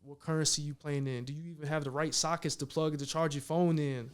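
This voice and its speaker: Animated man telling stories in casual slang. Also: on the high side, fairly quick, slight background noise. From Minnesota, United States. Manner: animated storytelling, slangy, repeats "you know what I mean". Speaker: professional basketball player, guest. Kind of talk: casual conversation.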